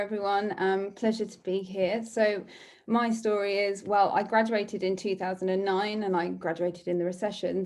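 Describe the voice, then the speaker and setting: A woman's voice: lowish voice, mellow. A woman in her thirties answering interview questions over a video call, chatty and upbeat. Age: 30s. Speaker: guest, brand and design expert.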